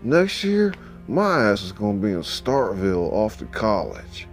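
A man's voice: on the low side, sing-song, unhurried, faint music behind. A man voicing a brash, cursing young dock hand. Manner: brash, profane and sarcastic.

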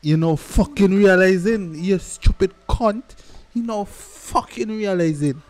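A man hosting an anime reaction, swearing freely and breaking into shouts and laughter between calmer remarks. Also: sits high, a little slow. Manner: excitable, profane, bursts into shouts and laughter. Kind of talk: live reaction commentary. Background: faint anime soundtrack playing.

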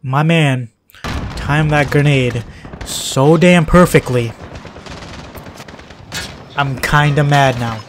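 A man giving live commentary as he plays a shooter game, swinging between shouting at enemies and muttering to himself. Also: a little high, slow, pauses often, a little hiss or hum. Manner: excitable, yelps and shouts at enemies, then mutters. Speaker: gaming channel host.

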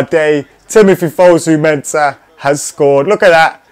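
A man's voice: fairly high pitch, a little slow, clear, resonant tone. A young man giving casual commentary while playing a video game, cheering and swearing at the action. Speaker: gaming commentator. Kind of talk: casual live gameplay commentary.

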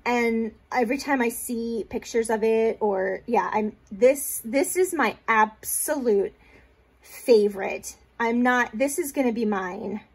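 Slightly rough and a little slow, this high-leaning female voice belongs to a crafting video host doing a casual show-and-tell of her mail. She gushes over the gifts, rambling with fillers and restarts, and fights back tears.

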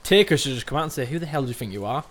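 A man's voice: medium pitch, expressive, racing. A man co-hosting a game stream, reacting and joking with his co-host. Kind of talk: casual gameplay commentary.

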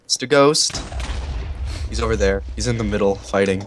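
A man with a stuffy nose giving casual gameplay commentary, excitable and often swearing and laughing. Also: fairly low pitch, normal speed, noisy background. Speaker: gaming channel host.

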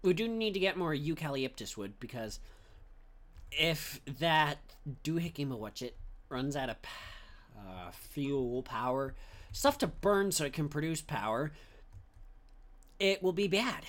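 A man's voice: a little high, lively intonation, measured pace, long pauses, fairly bright tone. A young man casually commentating his own gameplay as a channel host, rambling and goofy, often trailing off into mumbles. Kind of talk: casual let's-play commentary.

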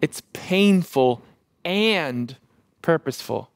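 A man in his thirties, a pastor preaching a sermon and telling a lively family story with self-deprecating humor. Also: a little high, takes it slowly, creaky, no echo.

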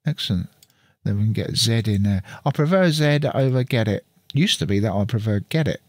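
Thinking out loud as he works, a man with a lowish, expressive voice goes through a computer setup on screen at a fairly quick pace. The channel host uses a studio mic through an audio interface, and there's no room sound.

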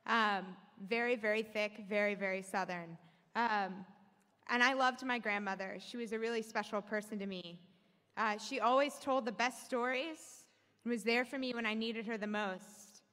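A woman's voice: fairly high pitch, fairly even intonation, normal speed, sharp tone. A young adult woman from Alabama, a policy analyst giving a candid, earnest talk on stage. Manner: candid, joking then earnest. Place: large hall with audience. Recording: echoey hall.

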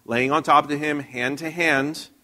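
A man's voice: on the high side, steady tone, unhurried, bright, forceful tone. A man preaching a sermon in a church, telling a Bible story conversationally with frequent restarts and questions to the congregation. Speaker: pastor.

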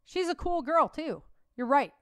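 A woman's voice: sits high, animated, unhurried, a bit bright, no room sound, clean studio sound, pitched above the performer's own voice. A woman voicing a laid-back young man on guard duty who teases his friend in slangy banter. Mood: teasing.

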